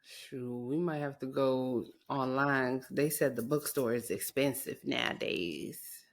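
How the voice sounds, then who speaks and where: A woman's voice: a bass voice, slow. A woman in her thirties co-hosting a podcast, telling stories in a chatty, slangy way. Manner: chatty, drops slang, animated storytelling. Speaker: podcast co-host. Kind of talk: casual chat.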